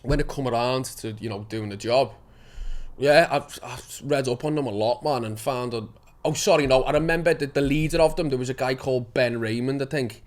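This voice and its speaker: Young scouse-sounding guy chatting loose, lots of swearing, average pitch. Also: brisk. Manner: swears a lot, rambling and animated with laughter. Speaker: actor guest. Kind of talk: casual chat.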